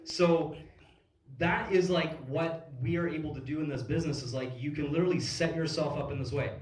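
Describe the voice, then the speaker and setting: A man's voice: a little high, steady tone, brisk. A man in his thirties giving a motivational talk on stage at a business event, telling stories casually with lots of fillers and swearing. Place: event hall. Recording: echoey hall recorded from far off.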